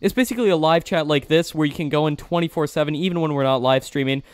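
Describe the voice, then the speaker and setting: Young male stream host, slightly raised pitch, smooth clear voice, dry sound, upbeat and effusive. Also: quick pace, no echo. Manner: upbeat, effusive thanks, repeats himself. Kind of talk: live-stream interview, reading viewer questions.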